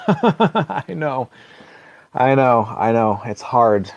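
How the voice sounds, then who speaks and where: A man reads aloud in a relaxed, comic way and keeps drifting into wry side remarks. He often chuckles at his own jokes, and his voice sits at an everyday middle pitch. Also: drawn-out words, long pauses, no echo. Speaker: social video reader. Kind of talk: casual comic reading with asides.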